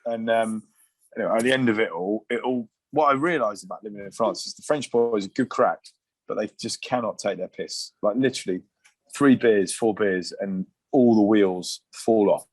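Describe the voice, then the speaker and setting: A man's voice: fairly low pitch, moderate pace, no room sound. A man and former rugby player, a podcast guest telling casual stories, swearing freely and laughing as he goes. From England. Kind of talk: casual anecdotal storytelling.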